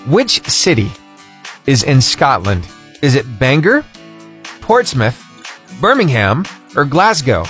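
A man's voice: mid-range voice, wildly swooping pitch, takes it slowly, long pauses, a bit bright, soft background music. A cheerful man, hosting a radio morning show in upbeat call-in chat, chuckling often. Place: radio studio.

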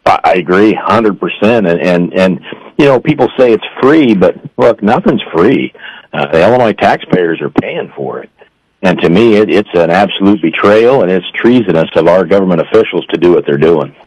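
A man's voice: sits low, lively intonation, moderate pace, a little mellow, breathy edge, poor audio. A man, a police union leader, talking as a guest in an earnest, emphatic way with many restarts.

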